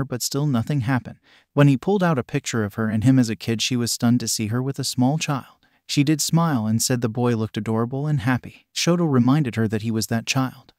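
A man reads a fan story aloud in an even, flat way. His voice sits at a plain middle pitch. The recording is close and dry, with no room sound. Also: no room sound. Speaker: narrator. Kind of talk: storybook narration.

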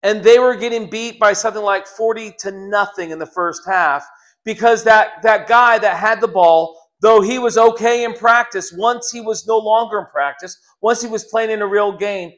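A man's voice: high voice, fairly even intonation, moderate pace, fairly bright tone. A middle-aged man preaching a sermon, telling stories earnestly with frequent restarts. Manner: earnest, storytelling with repeated restarts.

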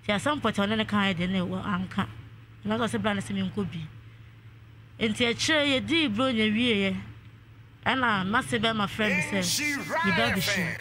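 A woman's voice: medium pitch, moderate pace, fairly bright tone, a little hiss or hum. A woman calling in to a radio show, telling a long family dispute and quoting what others said. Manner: long narration with quoted speech. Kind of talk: radio call-in storytelling.

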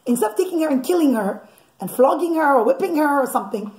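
High-voiced mother telling bedtime stories. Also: quick pace. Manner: animated, laughing asides, religious teaching tone. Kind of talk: bedtime storytelling. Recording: echoey room.

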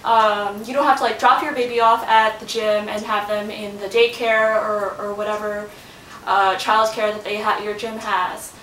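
In this relaxed fitness demonstration from her bedroom, a woman keeps up a level tone at a moderate pace, her voice a bit bright. Between exercises she chats and talks sing-song to her baby, getting breathless; it's recorded from a distance in a roomy space with faint rumble.

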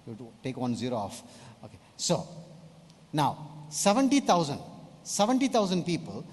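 Male pastor, emphatic preacher, slightly high voice, long church-hall reverb. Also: wildly swooping pitch, moderate pace, a little mellow. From India. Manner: emphatic, asks congregation questions. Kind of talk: sermon.

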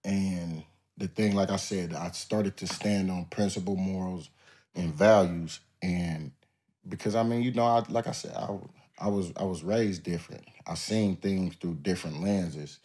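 Laid-back, profane man with a low voice. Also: a little slow, a little mellow. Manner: laid-back, profane, drawling storyteller who acts out others. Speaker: podcast guest. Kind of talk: casual interview storytelling.

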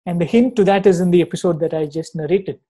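A man's voice: sits high, quick pace, mellow, poor audio. A man, giving a devotional talk and telling stories earnestly, often checking in with his listeners. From Chennai, India. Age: 40s. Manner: earnest storyteller, often checking in with "right?" and "you know". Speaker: spiritual speaker.

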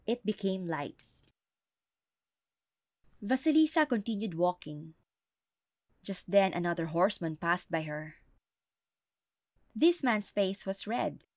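A woman reading a folktale aloud as an audiobook narrator, slow and deliberate. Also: mid-range voice, no echo, studio quality. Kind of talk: storybook narration.

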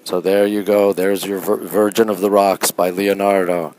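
Hushed Canadian man livestreaming. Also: little pitch movement, normal speed, low-quality recording. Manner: talking low and hushed; greets viewers by name, chatty. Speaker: livestream host. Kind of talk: casual live-stream chat. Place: quiet art museum gallery, indoors.

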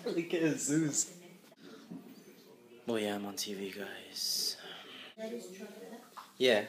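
A man's voice: a little high, big pitch swings, unhurried, pauses often, fairly bright tone. A young man and father talking casually to his camera at home in a loose, chatty way, swearing freely. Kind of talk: casual vlog chat to camera.

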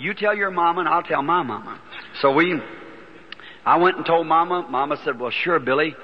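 A husky-voiced man preaches in a folksy storytelling way, his voice sitting high. The old recording sounds dull and muffled, and a long hall reverb trails behind him. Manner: folksy storytelling, voices quoted people, builds to excited shouting. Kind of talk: storytelling sermon.

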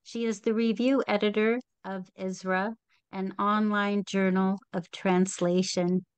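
Slow, crisp woman host introducing poets. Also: medium pitch, flat delivery. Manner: reads a guest bio aloud. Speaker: reading series host. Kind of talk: introducing readers.

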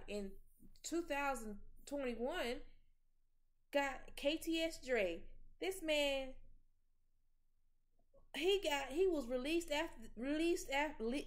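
Outspoken and animated, this young podcast host runs a casual commentary chat in a high-sitting voice. Her speech is packed with slang, with frequent stammers and restarts.

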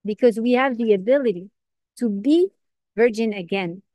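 A woman giving an informal Torah class, earnest and lively, asking questions and answering them herself. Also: fairly high pitch, normal speed, no room sound. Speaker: Torah teacher.

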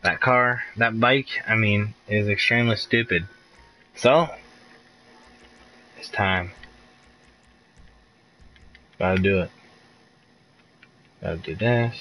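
A young man streams his gameplay in a low, bright and forceful voice, narrating loosely to his viewers. He gets irritated and swears freely, with faint noise under the recording. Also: steady tone, slow, pauses often, low-quality recording. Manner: frustrated, swearing, laughing outbursts. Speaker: live streamer. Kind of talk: casual gameplay commentary.

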